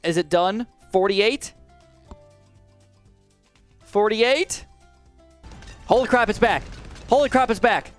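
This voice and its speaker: A man hosting live gameplay commentary, excitable and talking straight to his viewers, swinging from low muttering to shrieks of alarm. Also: slow pace, long pauses, soft background music. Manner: addresses viewers directly. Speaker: gaming channel host.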